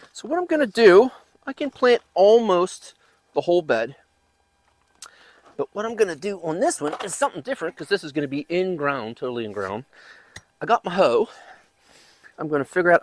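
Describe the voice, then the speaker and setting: Man, backyard gardening vlogger, rambling casual talk, higher voice with lots of up and down, dry close sound. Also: very animated, moderate pace, long pauses, no room sound. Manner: rambling, chatty, talks while digging. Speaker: gardening channel host. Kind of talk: casual chat.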